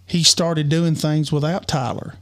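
Podcast co-host: man, slightly high voice, earnest and halting storyteller. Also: fairly even intonation, fairly bright tone. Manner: earnest, halting, many restarts. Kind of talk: personal storytelling.

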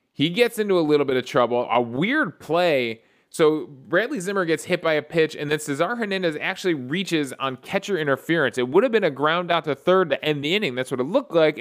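A man hosting a podcast, recapping a baseball game in a casual solo talk with excited play-by-play storytelling and frequent restarts. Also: a little high, clear, resonant tone. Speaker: podcast host.

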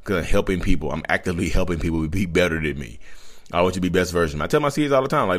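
A man's voice: low-pitched, lively intonation, rapid-fire. A man, giving a blunt, rambling confessional monologue to his vlog audience and often correcting himself. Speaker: vlogger.

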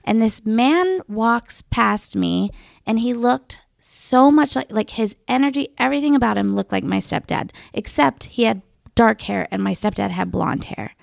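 A woman in her thirties telling stories in a chatty, animated way and swearing freely. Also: on the high side, normal speed, gravelly, no room sound, studio quality. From Georgia, USA. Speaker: guest. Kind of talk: casual storytelling.

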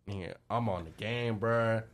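A man's voice: lowish voice, a little slow. A young man co-hosting a casual podcast, telling a story in heavy slang and acting out the voices. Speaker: podcast co-host.

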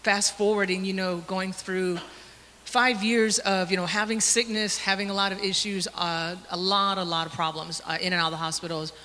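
A young woman tells a personal story of faith to her Sunday school class. She talks haltingly, full of fillers, her emotion showing through a bright, forceful tone. The recording rings with a long church reverb over faint background noise. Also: medium pitch, steady tone. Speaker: church member sharing a testimony.

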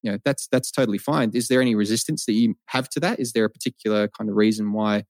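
A man's voice: fairly low pitch, fast talker, no room sound, clean studio sound. An Australian man, a men's sex coach, speaking as a guest in a casual podcast interview, explaining things thoughtfully with hesitant restarts.

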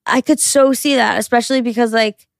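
A woman's voice: fairly high pitch, fairly even intonation, brisk, vocal fry, dry recording, studio quality. A young adult woman co-hosting a casual chat podcast, mocking and profane, laughing often. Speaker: podcast co-host.

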